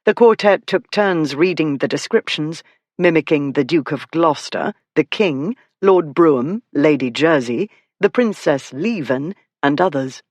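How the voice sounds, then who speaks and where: An audiobook narrator reading a historical romance in measured, expressive scripted narration. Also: medium pitch, no room sound.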